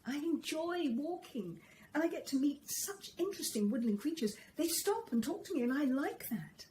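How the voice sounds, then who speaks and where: A woman's voice: sits high, animated, normal speed, mellow, slight background noise, voice pushed up, poor audio. A woman voicing a timid, anxious male crow who stammers and trembles in a children's story. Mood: sad. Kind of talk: storybook reading.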